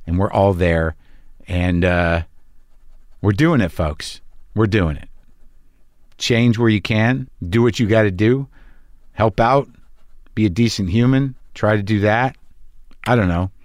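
A man's voice: on the low side, dry recording, clean studio sound. A middle-aged man hosting a show, talking in a rambling comic monologue that is profane, wry and darkly joking. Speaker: podcast host.

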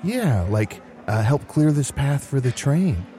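A man improvising in a role-play, animated and often incredulous. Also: medium pitch, unhurried. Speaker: player.

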